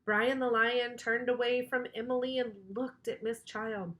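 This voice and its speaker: Playful, bright children's librarian reading aloud. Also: female voice, fairly high pitch, unhurried. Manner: animated, playful, teasing. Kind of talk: children's storybook read-aloud.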